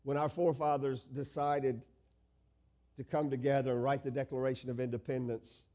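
A man's voice: medium pitch, flat delivery, moderate pace, warm tone. A male pastor preaching a sermon, stretching out key phrases and asking the congregation questions.

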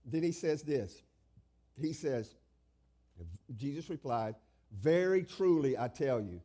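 Emphatic preaching man with a mellow voice. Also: medium pitch, animated. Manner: emphatic preaching, drawn-out phrases, asks the congregation questions. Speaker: pastor. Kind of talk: sermon.

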